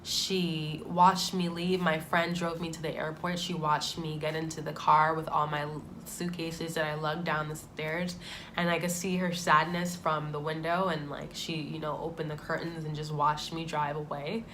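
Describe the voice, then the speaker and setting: A woman's voice: low voice, little pitch movement, normal speed, fairly bright tone, slight background noise. A woman in her twenties telling a heartfelt personal story in a vlog, reflective and emotional. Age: 20s. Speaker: vlogger.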